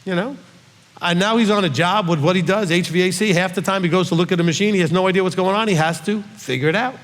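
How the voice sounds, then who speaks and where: Middle-aged male teacher, emphatic Q&A delivery, slightly high voice, long hall reverb. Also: fast talker, a bit bright. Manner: emphatic, with frequent "okay?" check-ins. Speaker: rabbi teacher.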